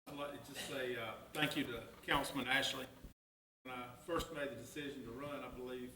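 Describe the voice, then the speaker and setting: Monotone male councilman, distant echoey room audio, noisy. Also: medium pitch, fairly quick. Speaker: town councilman. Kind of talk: council meeting speech. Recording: echoey chamber, distant mic, background noise.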